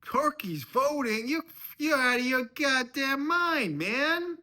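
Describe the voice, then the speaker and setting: A man voicing a belligerent older father-in-law, shouting in a comic dramatic reading. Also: fairly low pitch, sing-song, fast talker, slightly rough, voice pushed up, full character voice. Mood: outraged.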